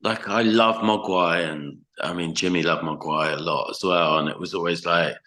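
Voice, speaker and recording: Chatty low-voiced man telling band stories. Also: fairly even intonation, moderate pace, bright, forceful tone, low-quality recording. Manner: chatty, swears freely, many fillers. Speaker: podcast guest, band frontman. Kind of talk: casual storytelling chat.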